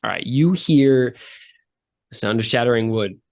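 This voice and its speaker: A woman's voice: rumbling low, a little slow, darkish tone. A woman game master narrating a tabletop game with friends, casual, swearing and poking fun at herself. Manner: casual, swearing, self-mocking.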